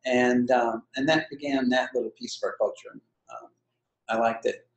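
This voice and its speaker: A man's voice: mid-range voice, moderate pace. An older man, a retiring co-founder, telling long self-deprecating anecdotes in an interview. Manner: rambling, self-deprecating storyteller. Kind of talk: anecdotal storytelling in conversation. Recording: roomy echo.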